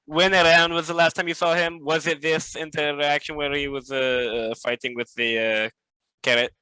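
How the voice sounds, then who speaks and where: Man playing an adventurer, polite, inquisitive, bright voice. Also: fairly high pitch, little pitch movement, moderate pace, clean tone, low-quality recording. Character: male adventurer questioning a tavern patron.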